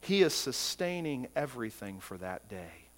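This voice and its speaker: A man's voice: mid-range voice, big pitch swings, moderate pace. A man preaching a sermon as pastor, emphatic and full of rhetorical questions, often repeating words as he goes.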